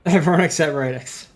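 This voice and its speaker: A man streaming a game, thinking aloud about his build and greeting his chat viewers by name. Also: a little high. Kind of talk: casual live-stream commentary.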